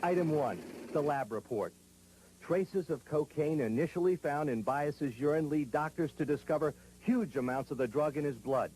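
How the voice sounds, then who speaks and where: A man narrating a television news report in a measured, grave, scripted delivery. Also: a little high, a little mellow, husky, low-quality recording.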